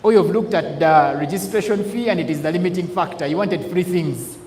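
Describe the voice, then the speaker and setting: A man giving a lively sales training talk, acting out laughs and quoted voices. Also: high-pitched, a little fast, a little hiss or hum. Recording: echoey hall with faint ambience.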